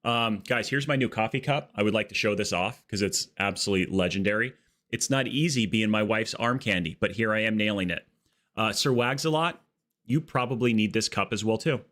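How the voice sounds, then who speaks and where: A man's voice: fairly low pitch, brisk. A man streaming a game live, chatting casually and riffing jokes with his chat. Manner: jokey, riffing excitedly with chat.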